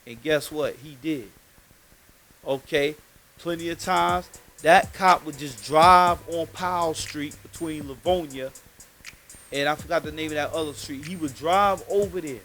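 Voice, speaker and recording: A man, hosting a podcast and telling a story in an animated, slangy, emphatic way. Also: fairly high pitch. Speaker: podcast host. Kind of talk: casual street storytelling.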